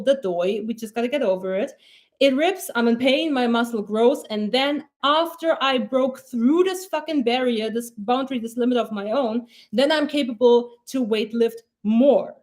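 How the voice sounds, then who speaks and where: Woman, young adult, high-pitched, mindset coach, casual live stream, blunt, swears a lot, rambling. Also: a little mellow.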